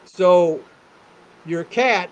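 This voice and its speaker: A man's voice: sits high, extremely slow, highs cut off. A man voicing a nervous middle-aged male neighbor who breaks bad news bit by bit.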